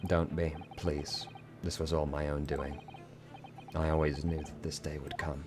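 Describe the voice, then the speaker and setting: A man voicing a soft-spoken, remorseful gentleman in a video game, subdued and formal. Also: a bass voice, flat delivery, a little slow, background noise, pitched below the performer's own voice. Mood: resigned. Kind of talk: reading game dialogue aloud.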